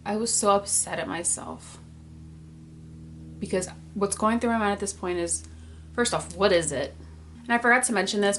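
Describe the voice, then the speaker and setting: Young woman vlogger, early 20s, slightly low voice, candid and teary, filler-heavy storytelling. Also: a bit bright, slight background noise. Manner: candid, emotional, many filler "like"s. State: holding back tears. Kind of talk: personal storytime vlog.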